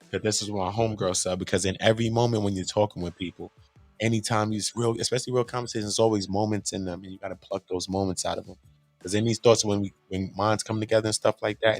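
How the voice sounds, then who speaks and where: A young man, casually telling a story as host, animated and swearing freely in street slang. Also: lowish voice, no room sound.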